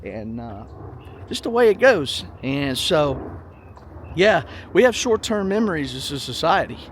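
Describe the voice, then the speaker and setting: A man's voice: a little high, big pitch swings, a little slow, slight background noise. A middle-aged man giving casual, rambling money commentary in a vlog, emphatic and folksy, often repeating himself. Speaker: finance vlogger.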